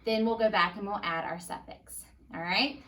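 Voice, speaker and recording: Patient first grade teacher, woman, slow clear phonics, slightly distant mic. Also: medium pitch, fairly bright tone. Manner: upbeat, patient, sounds words out slowly. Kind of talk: phonics lesson for young children.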